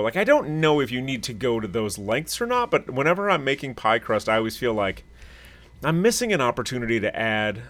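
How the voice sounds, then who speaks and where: A man co-hosting a podcast, chatting casually and explaining things in an animated way. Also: medium pitch, a little fast. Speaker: podcast co-host. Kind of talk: casual chat.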